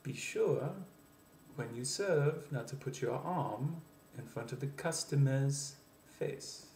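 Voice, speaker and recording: A man's voice: medium pitch, slow pace, gravelly, darkish tone, a little hiss or hum, voice pushed up. Guy putting on a french accent, voice climbing up and up to the end of the line, roomy echo. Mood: demonstrating. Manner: inflection building upward to the end. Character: adult French speaker of English, rising sing-song lilt. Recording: echoey room.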